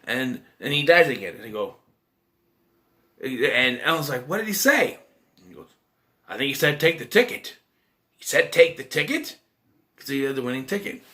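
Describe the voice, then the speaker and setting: A man casually recapping a film plot in a rambling, animated way, acting out his own reactions. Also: mid-range voice, normal speed, long pauses. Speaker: movie reviewer.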